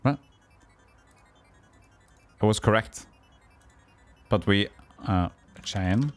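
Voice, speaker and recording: A man's voice: fairly low pitch, very slow, faint music behind. A man streaming a retro game, reading and puzzling aloud, swearing freely. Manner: swears, plays silly voices. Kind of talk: casual game commentary.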